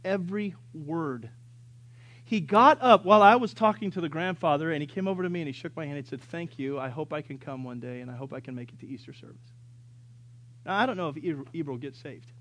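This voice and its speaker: High-voiced man preaching an animated sermon. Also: fast talker. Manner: animated storyteller who acts out dialogue, bursting into loud exasperated rants. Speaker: pastor. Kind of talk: storytelling sermon.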